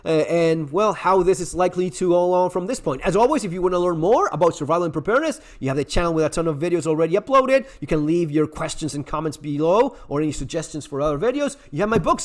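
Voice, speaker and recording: Man, high-pitched, survival channel host, sarcastic, blunt, profane, ranting commentary. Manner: sarcastic, blunt, swears freely; ranting, with frequent restarts. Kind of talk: opinionated commentary to camera.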